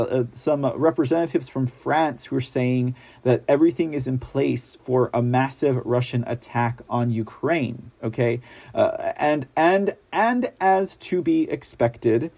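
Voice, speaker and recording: A man's voice: mid-range voice, unhurried, gravelly, dark tone. A man hosting an online political commentary show, talking casually to his viewers with many fillers and sarcastic asides. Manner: chatty, many fillers, addresses viewers as guys; sarcastic asides when reading articles. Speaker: news commentary host.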